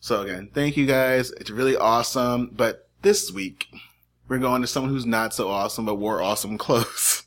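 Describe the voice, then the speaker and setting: A man's voice: medium pitch, normal speed. A man from New England co-hosting a true crime podcast, chatting casually and laughing often as he jokes. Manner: laughs often, animated, joking. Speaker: podcast co-host. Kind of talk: casual chat.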